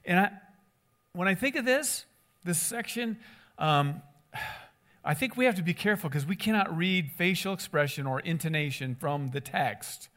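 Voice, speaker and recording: A man preaching a conversational sermon as a pastor, animated and acting out voices in the stories he tells. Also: high voice, moderate pace.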